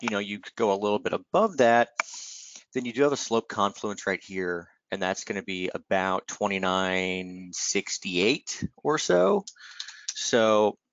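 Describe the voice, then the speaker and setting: Low-voiced man hosting a trading webinar. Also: lively intonation, measured pace, fairly bright tone, no room sound, lo-fi sound. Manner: conversational, filler-heavy, frequent "right?" tags. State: has the hiccups. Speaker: webinar host, market analyst. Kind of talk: live trading webinar commentary.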